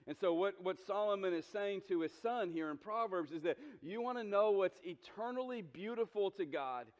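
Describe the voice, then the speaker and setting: Pastor with a drawl in a reverberant church. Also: male voice, high voice, animated, normal speed. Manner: earnest, repeats words when starting sentences, direct questions to the congregation. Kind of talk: sermon. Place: church sanctuary. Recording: dull sound with long hall reverb.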